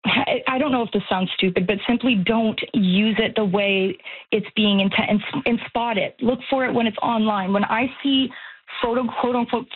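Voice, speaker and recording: Chatty higher-voiced woman caller. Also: phone-quality sound. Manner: casual, animated, some restarts. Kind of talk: radio call-in.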